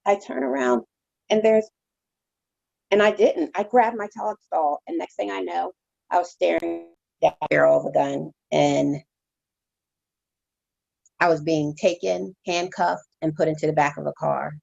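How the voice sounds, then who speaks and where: Gravelly-voiced woman giving heartfelt testimony. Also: lowish voice, fairly even intonation, a little mellow, dull audio. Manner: halting, heartfelt storytelling with many restarts. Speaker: reverend giving her testimony as interview guest. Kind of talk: emotional personal testimony.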